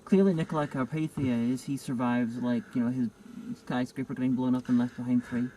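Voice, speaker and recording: A man's voice: medium pitch, steady tone, a little fast, dark tone, slight background noise, low-quality recording. A man hosting a casual film review chat, riffing in a rambling, sardonic way. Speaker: host film critic.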